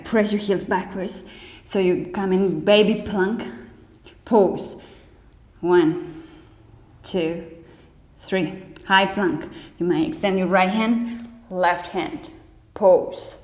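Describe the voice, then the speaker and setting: Slow-spoken woman yoga teacher, echoey. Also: fairly low pitch. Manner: cues poses and counts breaths aloud; non-native phrasing, slight grammar slips. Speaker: yoga instructor. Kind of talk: guiding a yoga class. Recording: echoey room with long reverb.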